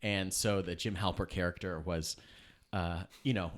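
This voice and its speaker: A man with a lowish voice chats casually as a podcast co-host. He rambles through his stories, restarting and correcting himself as he goes. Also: fairly even intonation, moderate pace. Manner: rambling, self-correcting storyteller. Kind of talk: casual chat.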